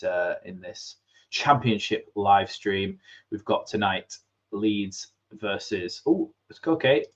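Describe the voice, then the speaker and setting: Low-voiced chatty man hosting a stream. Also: dry recording, lo-fi sound. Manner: chatty, rambling with fillers and restarts. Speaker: football fan channel host. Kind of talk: live watchalong chat. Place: home setup at a computer. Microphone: desk microphone.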